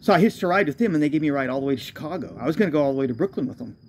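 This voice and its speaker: A man's voice: fairly high pitch, animated, rapid-fire, noisy background. A man, a homeless traveler, telling his own road story in a loose, profane, self-correcting way. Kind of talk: rambling spoken storytelling.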